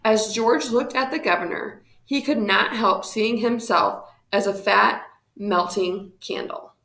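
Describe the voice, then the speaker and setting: A woman reading a historical storybook aloud in steady, measured narration. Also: medium pitch, echoey room.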